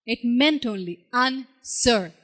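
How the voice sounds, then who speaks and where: A woman's voice: expressive, a little slow, fairly bright tone. A woman preaching a sermon, with rhetorical questions to her listeners and dramatic voicing of the people she quotes. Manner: dramatic, acts out quoted voices with sudden pitch swings; repetitive rhetorical questions to the congregation.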